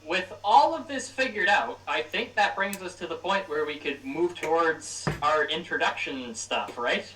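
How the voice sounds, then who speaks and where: A man's voice: fairly high pitch, animated, a little slow. A man running a tabletop game as dungeon master, reading scene-setting narration and casually asking his players questions. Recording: roomy, distant mic, faint noise.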